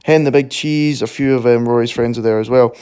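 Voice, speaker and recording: A young man, a fitness coach vlogging casually to camera, excitable and swearing freely as he rambles through his stories. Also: medium pitch, fast talker, smooth, no room sound. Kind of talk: casual vlog talk to camera.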